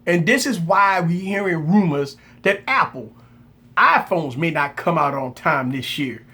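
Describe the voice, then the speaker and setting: Animated high-voiced male tech streamer. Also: a little slow. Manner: animated, preachy, shouts mock reactions; repeats phrases for emphasis, greets viewers by name. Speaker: tech livestream host. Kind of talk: casual live chat.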